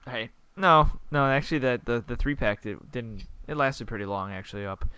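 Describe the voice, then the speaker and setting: A young man chatting on a gaming podcast over a call, eager and emphatic, and given to rambling. His voice is smooth and clean. The sound is dry and close. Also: medium pitch, normal speed, sharp tone, dry recording. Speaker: podcast co-host. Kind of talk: casual gaming podcast chat.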